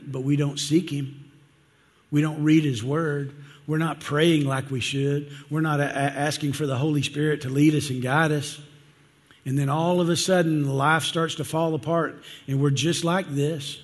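A male pastor giving a sermon in a conversational, earnest way, often asking the congregation questions. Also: a little high. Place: church sanctuary. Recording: long church-hall reverb.

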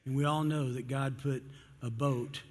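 A man's voice: medium pitch, fairly even intonation, a little slow, big-room sound. A man preaching a sermon in church, telling a story and acting out its characters. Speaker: pastor.

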